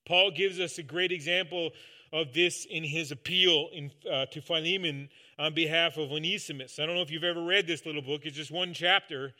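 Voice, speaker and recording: A man preaching a sermon in an earnest way, dropping soft and low at times and rising loud for emphasis. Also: steady tone, a little fast. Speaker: pastor.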